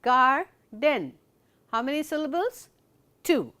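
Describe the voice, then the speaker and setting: Speaking in a fairly high, sing-song voice, a woman walks through a recorded lesson in a measured, explanatory manner. She keeps asking the viewer things, then supplies the answers herself.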